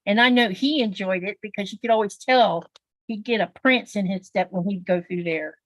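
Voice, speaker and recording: Chatty livestream co-host, woman, mid pitch, dry and close, talks in long loose stories. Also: moderate pace, no room sound, low-quality recording. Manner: chatty, rambling storyteller with many fillers. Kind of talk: casual livestream chat.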